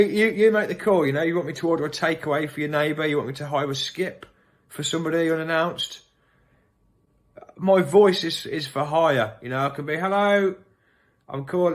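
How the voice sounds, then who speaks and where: A man with a Birmingham accent pitching a prank-call service in a rambling, self-correcting comic way. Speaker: comedian offering a prank call.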